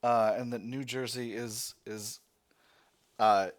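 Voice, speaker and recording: A man's voice: medium pitch, little pitch movement, slow pace. A man reading a text adventure game aloud as its player, breaking off into rambling, self-correcting asides.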